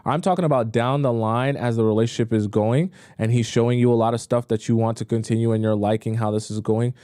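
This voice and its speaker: A man's voice: quick pace, clear, resonant tone, dry recording, studio quality. A man giving dating advice to women in a casual, talkative way as host of his own channel. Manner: casual, animated, jokes with mocking high voices.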